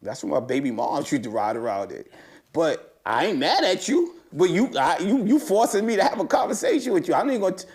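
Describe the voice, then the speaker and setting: Fairly quick and slangy, this US interview guest chats casually with lots of animation. Excitement sends his voice jumping high.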